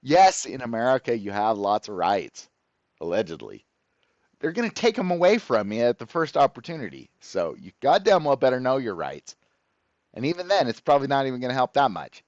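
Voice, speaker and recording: A man's voice: medium pitch, big pitch swings, brisk, no room sound, muffled recording. A man ranting to the camera as host of his own channel, profane, sarcastic and exasperated.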